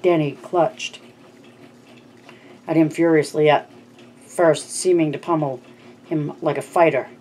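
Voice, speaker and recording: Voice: medium pitch, fairly even intonation, a little slow, long pauses, a little mellow, a little hiss or hum, poor audio. A narrator reading a novel aloud as an amateur audiobook, with frequent slips and restarts.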